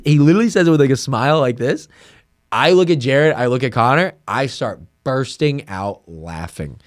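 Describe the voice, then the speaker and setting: A young man hosts a casual podcast, spinning a story with animated energy and playing the voices of the people in it. He sits close to a mic in a dead, dry room, and his pitch sits in the middle of the male range. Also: normal speed, no room sound. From United States. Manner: animated, acts out quoted voices, laughing. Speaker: podcast host.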